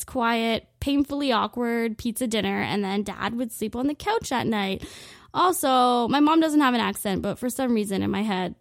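A woman's voice: on the high side, dry recording, studio quality. Rambling, foul-mouthed young woman ranting. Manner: crude, rambling, full of filler "like" and swearing. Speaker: vlogger. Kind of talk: comedic rant monologue.

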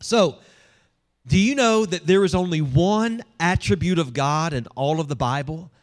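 A man preaching a sermon, conversational and humorous, talking directly to his congregation. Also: sits high. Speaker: pastor.

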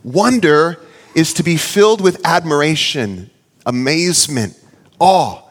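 A pastor in his thirties delivers an earnest sermon, his voice sitting a bit high and swinging widely in pitch. His words ring out with a long reverb from a large hall. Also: unhurried, slight background noise. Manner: earnest storytelling, animated when quoting his child.

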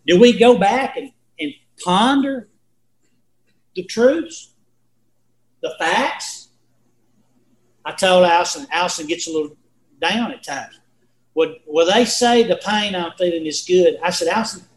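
A man's voice: high voice, expressive, moderate pace, long pauses. A man in his sixties leading a casual Bible study, talking in a folksy, rambling, storytelling way. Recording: echoey room.

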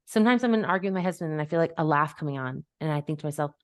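Very fast and animated, a low-pitched woman life coach hosts her podcast in relaxed conversation, voicing quotes and laughing readily. The sound is studio quality with no echo.

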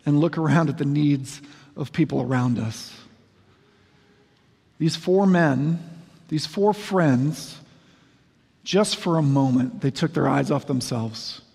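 This forties-aged pastor's voice sits on the high side, creaky and husky with a darkish tone. He delivers his sermon casually, poking fun at himself and slipping in jokes. A big hall gives the sound a long reverb.

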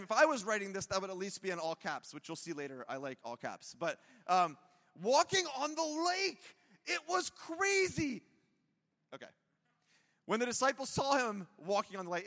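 A pastor with a high-pitched, slightly bright voice gives a conversational sermon to his church in an auditorium with a long reverb tail. He's chatty and self-deprecating, filling the talk with jokes and asides.

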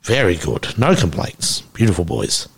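Lively Aussie male host, young, sweary storyteller. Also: sits low, normal speed, slightly rough. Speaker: podcast co-host. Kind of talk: casual chat.

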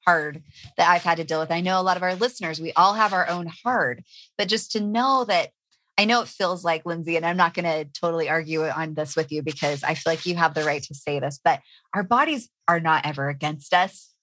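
A woman's voice: lowish voice, brisk, a bit bright, slight background noise. A woman hosting a podcast who speaks in an earnest, encouraging way. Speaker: podcast host. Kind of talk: casual chat.

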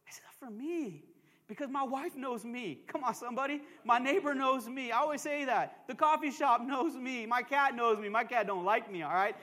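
Male pastor, sermon, very high pitch, chatty and emphatic with calls to the crowd, long church reverb. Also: moderate pace, pushed and bright. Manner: emphatic preaching with call-and-response asides; joking, conversational asides. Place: church sanctuary.

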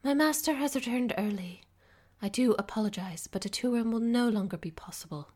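A woman's voice: on the high side, brisk, darkish tone, voice pushed up, lightly acted. A woman voicing a formal, apologetic older housekeeper in an audiobook.

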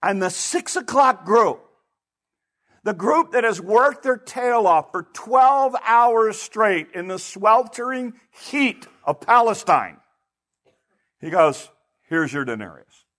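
Pastor guy preaching, high voice, real lively, keeps asking the crowd questions. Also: slow. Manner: animated, asks the audience rhetorical questions. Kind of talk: sermon.

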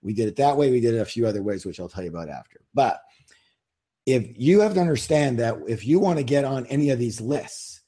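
A man's voice: medium pitch, warm tone, breathy edge. A man, an author, talking as an interview guest in a casual, emphatic, salesy way, firing rhetorical questions at listeners.

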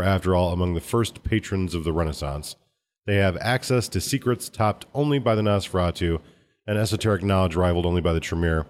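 Deep-voiced male podcast co-host. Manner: reads listener letters aloud, measured. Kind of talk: casual podcast chat.

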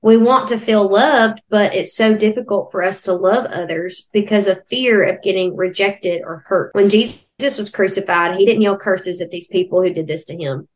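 Co-host: young woman, chatty and heartfelt, voice of middling pitch. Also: normal speed, hardly any pauses. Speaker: podcast co-host. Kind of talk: casual faith podcast chat.

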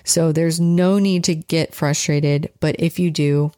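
A woman's voice: sits low, fairly even intonation, a little slow, mellow, dry recording, studio quality. A woman dog trainer giving casual coaching advice, chatty and direct, often checking in with "right?". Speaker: dog trainer, podcast host.

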